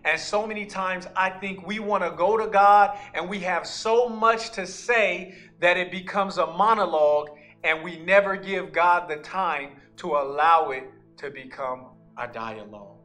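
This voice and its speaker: A man's voice: high-pitched, unhurried, few pauses, sharp tone, faint music behind. A man, an associate pastor, preaching a sermon in an earnest storytelling manner.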